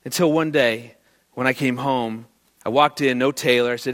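A man's voice: medium pitch, measured pace. A man giving a talk on marriage to a live audience, telling a family story and acting out the voices in it. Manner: animated, jokey, acts out his daughter's lines. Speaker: marriage speaker. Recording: long hall reverb.

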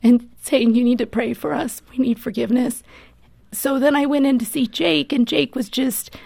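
Mom on a radio interview, earnest emotional telling, bit of fry in her voice. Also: sits high, steady tone, moderate pace, a little mellow, dry recording. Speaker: guest, mother. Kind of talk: personal testimony in an interview.

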